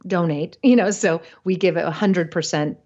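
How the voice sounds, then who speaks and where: A woman's voice: lowish voice, normal speed, darkish tone, highs cut off. A woman guest on a podcast, talking casually about investing, chatty, with many fillers and frequent laughter. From United States. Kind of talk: casual interview talk.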